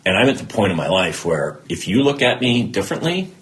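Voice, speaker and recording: A man's voice: low-pitched, a little fast. A middle-aged man, a podcast guest, talking candidly about his life and acting out remembered conversations. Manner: animated storyteller who acts out remembered dialogue. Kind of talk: candid personal interview.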